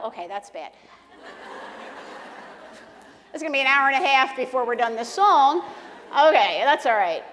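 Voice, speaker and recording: A woman's voice: on the high side, fairly bright tone. A woman speaking to a church ladies' meeting in a chatty, self-deprecating devotional talk, joking with her audience. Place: church sanctuary. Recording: long reverb of a large hall.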